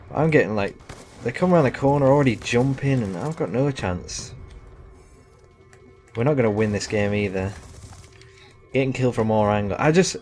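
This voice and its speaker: Low-voiced young man rambling over gameplay. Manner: casual, rambling, self-deprecating with laughs. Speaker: gaming commentator. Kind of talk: live gameplay commentary.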